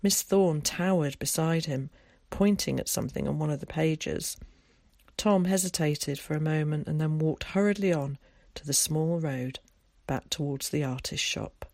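An audiobook narrator delivers scripted narration in a measured, even manner, his gravelly voice pitched in the middle range. The sound is dry and close-miked, with no room ambience at all.

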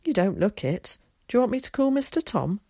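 A woman voicing an excitable, theatrical boy who chatters eagerly. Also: mid-range voice, fairly quick, husky, no room sound, studio quality, voice pushed up. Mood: chatty.

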